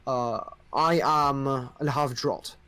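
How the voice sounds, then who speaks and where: A man's voice: mid-range voice, steady tone, takes it slowly, sharp tone, a little hiss or hum. A man voicing a young, cheerful fae king who is a little tipsy and rambles in a friendly way as he welcomes guests in a tabletop game. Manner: rambling, friendly, stumbles over words. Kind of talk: tabletop role-play voice.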